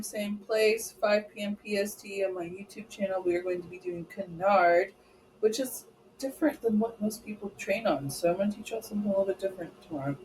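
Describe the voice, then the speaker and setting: Casual live training host, mid-pitched voice, talks viewers through screens step by step. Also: a little hiss or hum, low-quality recording. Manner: casual and chatty, checking in with "okay?". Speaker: travel advisor trainer.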